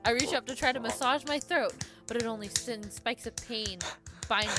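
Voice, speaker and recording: A woman's voice: fairly high pitch, normal speed, music in the background. A woman hosting a let's play, reading the game text aloud with giggles and playful drama.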